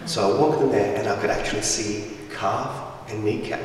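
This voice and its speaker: A young man from Afghanistan giving a lively, humorous storytelling talk as a guest speaker in a school hall, heard through a distant microphone. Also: lowish voice, moderate pace, noisy background. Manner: lively, humorous, acts out voices of people in his stories. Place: large school hall with audience. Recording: roomy echoey hall from far off.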